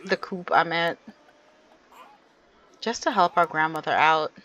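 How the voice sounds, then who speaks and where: A woman with a low, slightly bright voice speaks at a measured pace, though the recording sounds muffled. She hosts a gaming channel, chatting casually through her gameplay and talking directly to her viewers.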